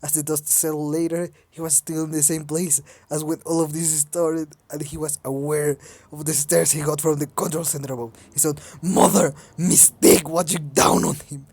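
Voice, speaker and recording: A woman's voice: deep voice, little pitch movement, moderate pace, hardly any pauses, mellow, dry recording. A woman reading a fan story aloud in a casual way. She stumbles over words and breaks off to mock her own reading. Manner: stumbling, laughing, self-mocking. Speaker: fanfic reader.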